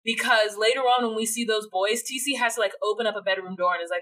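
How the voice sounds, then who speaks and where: A woman co-hosting a casual podcast, recapping a reality show in lively chat and acting out what people said. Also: fairly high pitch, fast. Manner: animated, acts out quotes, laughs often. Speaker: podcast co-host.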